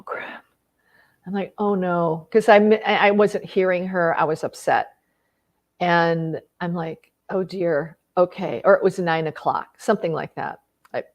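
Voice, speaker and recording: A woman's voice: on the low side, a little mellow. A middle-aged woman speaking on personal growth, telling an emotional personal story in an earnest voice, with many fillers and restarts. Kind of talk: reflective storytelling monologue.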